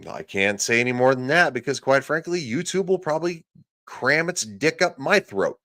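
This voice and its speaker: A man rants as a podcast host, shouting and cursing without letup. His voice sits at an ordinary middle pitch, and he stays angry and loud throughout. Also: animated, moderate pace. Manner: loud, profane, yelling. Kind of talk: ranting political commentary.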